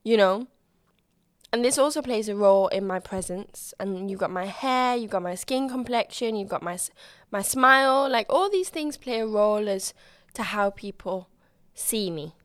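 A young woman hosting her own podcast, chatting in a bubbly, open way with a loud, high-pitched voice that climbs when she gets excited. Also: moderate pace, no echo, studio quality. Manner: bubbly and chatty, with frequent restarts and acted-out quotes. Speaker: podcast host. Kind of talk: casual solo podcast chat.

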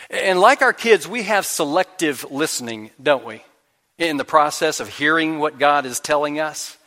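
A man preaches from the pulpit in a church sanctuary, his slightly high voice carried by a long, ringing reverb. He talks to his congregation casually, telling stories and voicing their inner doubts. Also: animated, moderate pace, sharp tone. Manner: conversational storytelling with acted-out inner voices. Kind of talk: sermon.

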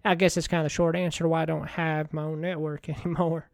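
A man in a rambling comedic monologue as a washed-up TV money-show host, folksy, meandering and deadpan. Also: a little high, fast talker, vocal fry, no room sound, studio quality.

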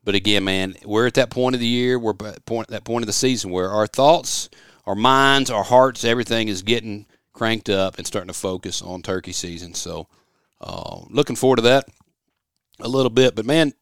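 A man's voice: lowish voice, moderate pace, fairly bright tone, clear, resonant tone, no echo, studio quality. Folksy man hosting a podcast. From West Tennessee. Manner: folksy, rambling, storytelling. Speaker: podcast host. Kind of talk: casual podcast chat. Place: studio office.

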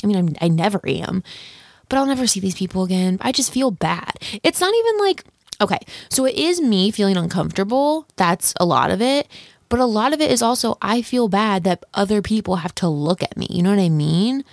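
Rambling young female podcast host, gravelly fry, dry close sound. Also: mid-range voice, expressive, a little fast, dry recording. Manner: rambling, chatty, self-deprecating, lots of "like". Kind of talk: casual solo podcast chat. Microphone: studio microphone.

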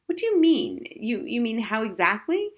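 A woman's voice: fairly high pitch, sing-song, normal speed, pitched above the performer's own voice. A woman reading as a breezy, amused society mother. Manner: airy, amused, calls everyone dear.

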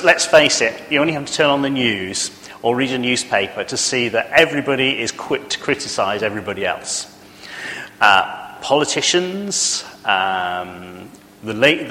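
A man's voice: medium pitch, pushed and bright, long reverb tail, slight background noise. A man preaching a sermon in a church, earnest and conversational, often asking the congregation questions.

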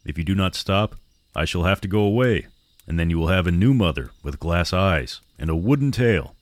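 A man's voice: low voice, expressive, normal speed, dry recording. A man voicing a sad, worried mother. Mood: sad warning. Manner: pleading, sorrowful. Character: worried, sad mother warning her daughters.

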